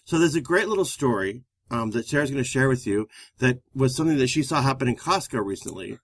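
A man's voice: mid-range voice, animated, fast, no room sound. A man co-hosting a relationship advice talk, a therapist who explains things steadily and speaks straight to the listeners. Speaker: therapist and co-host. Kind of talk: conversational relationship advice show.

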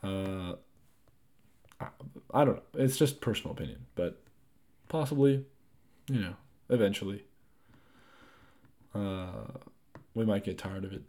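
A young man hosting his own podcast, chatting loosely and rambling, with frequent swearing and lively asides. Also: fairly low pitch, measured pace, pauses often. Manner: rambling, profane, animated asides. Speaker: podcast host. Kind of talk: casual solo podcast chat.

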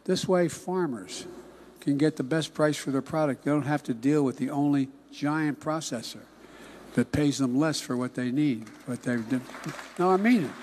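An older man giving a political speech in a folksy, emphatic way, often dropping into hushed asides. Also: fairly high pitch, normal speed, a little hiss or hum. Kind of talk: political campaign-style speech.

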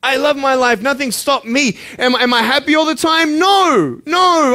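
A man giving a motivational speech to a school audience, impassioned, firing rhetorical questions and swinging between loud urging and hushed intensity. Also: very high voice, a little slow. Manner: direct rhetorical questions to listeners. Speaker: motivational speaker.

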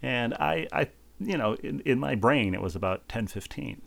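A man's voice: mid-range voice, animated, moderate pace, vocal fry, fairly bright tone. A man in his forties co-hosting a podcast, telling rambling, self-deprecating stories in casual chat. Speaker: podcast co-host.

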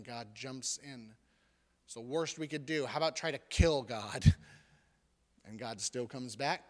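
Joking storyteller pastor, man, reverberant hall. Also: medium pitch. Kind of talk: sermon with personal stories.

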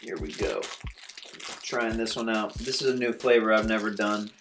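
A man casually reviewing snack cakes while eating, chatty and relaxed, thinking aloud between bites. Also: on the low side, fairly quick, a little hiss or hum. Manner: laid-back, chatty, eating while talking. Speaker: food reviewer vlogger.

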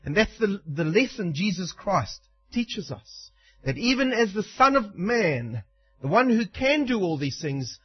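A man's voice: high-pitched, sing-song, unhurried, breathy edge, highs cut off. A man preaching a sermon in an emphatic way, acting out the quoted lines.

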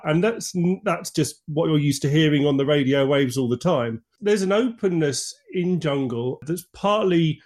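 Higher-voiced academic man. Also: darkish tone. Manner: academic, many fillers like "kind of". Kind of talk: analytical discussion.

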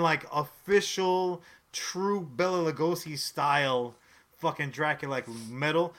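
A man's voice: on the high side, a little slow. A man co-hosting a comedy podcast, riffing in casual banter and dropping into silly voices. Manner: animated, breaks into silly impressions. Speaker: podcast co-host. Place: recording with camera, live to tape.

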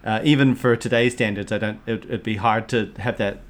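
Laid-back man, swearing, animated. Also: lowish voice, fairly quick. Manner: animated, swearing, quoting lines in put-on voices. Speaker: film podcast co-host. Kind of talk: casual chat.

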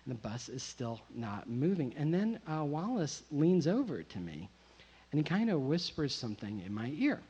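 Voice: mid-range voice, very animated, moderate pace, warm tone, breathy edge. An adult storyteller telling a personal tale, rambling and self-mocking, full of "you know" and "like". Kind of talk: live first-person storytelling. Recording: muffled lo-fi recording.

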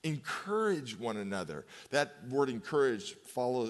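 Fifty-something pastor in a reverberant hall. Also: male voice, medium pitch, lively intonation. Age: 50s. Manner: conversational preaching with personal stories and slow emphatic pauses. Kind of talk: sermon.

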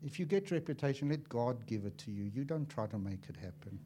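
A man preaching a sermon as an evangelist, impassioned and swinging from loud to hushed, acting out little dialogues as he tells stories. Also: mid-range voice, lively intonation, brisk, slight background noise. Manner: acts out dialogue in storytelling.

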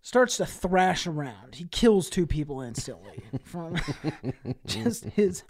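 Guy co-host telling a goofy made-up story kinda deadpan, lots of uh and you know. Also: sits high, slow. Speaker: podcast co-host. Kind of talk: casual comedic improv chat.

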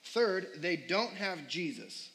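A man's voice: high voice, very animated, slow, vocal fry, fairly bright tone, rough recording. A young man preaching a sermon with a somewhat raised, light voice. He talks to the congregation as if chatting, dropping fillers and firing off questions. A faint hiss sits under the recording. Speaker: pastor.

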